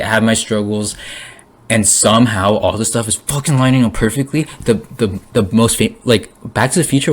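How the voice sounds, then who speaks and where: A young man talking through his theories in an excited, rambling monologue, full of restarts, swearing and sudden rises in his voice. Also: mid-range voice. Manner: emotional, voice jumps up. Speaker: conspiracy vlogger.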